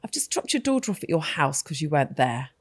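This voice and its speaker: A woman with a lowish voice, talking on a casual podcast. Her pitch moves a lot, and she tells stories expressively, laughing often. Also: very animated, quick pace, no room sound, studio quality. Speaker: podcast co-host. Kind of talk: casual chat.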